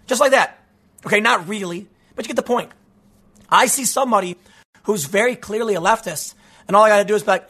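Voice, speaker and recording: Husky high-voiced man ranting casually. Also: fast talker. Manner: animated, ranting, many restarts. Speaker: political commentary host. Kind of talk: casual political commentary monologue.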